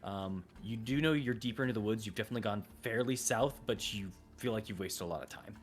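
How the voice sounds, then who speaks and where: A man narrating as game master of a tabletop game, relaxed and loose, with some filler words. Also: fairly low pitch, quick pace, faint music behind.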